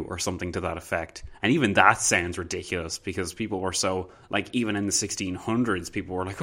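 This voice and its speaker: A man's voice: sits low, fairly even intonation, normal speed, fairly bright tone. A man giving casual, sarcastic and self-mocking commentary on his own podcast. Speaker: podcast host.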